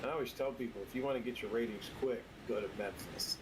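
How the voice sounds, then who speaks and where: A man from the southern United States tells easygoing stories in a relaxed, casual way. Clear background noise sits under his voice. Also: mid-range voice, fast. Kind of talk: casual chat.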